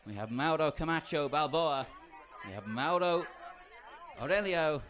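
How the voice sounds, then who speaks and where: A man commenting on a kart race. He reads out long lists of drivers by nation at a steady pace. He adds dry asides now and then. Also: fairly high pitch, unhurried. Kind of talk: reading out entry lists.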